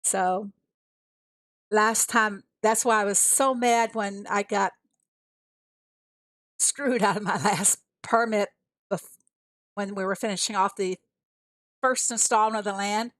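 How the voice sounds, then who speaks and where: A woman's voice: medium pitch, steady tone, slow, pauses often, a bit bright, no echo. A woman streaming a mobile farming game, chatting casually with her viewers and talking herself through each move. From USA. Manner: chatty, talks to herself and reads chat aloud. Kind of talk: casual live-stream commentary.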